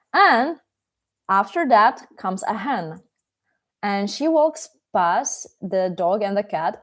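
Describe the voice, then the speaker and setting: A woman with a Czech accent, a language teacher telling a live bedtime story in a playful, hesitant way with many fillers. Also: mid-range voice.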